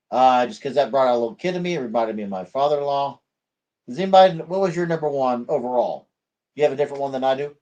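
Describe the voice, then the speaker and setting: A man's voice: medium pitch, darkish tone. A man hosting his own video channel, talking in a chatty, upbeat way with plenty of fillers. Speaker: channel host. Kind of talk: casual vlog chat.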